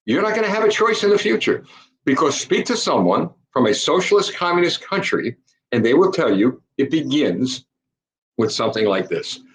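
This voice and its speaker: A man's voice: on the high side, sing-song, normal speed, echoey room, poor audio. An older man giving an impassioned political monologue, emphatic and repeatedly calling his listeners folks. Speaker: political commentator.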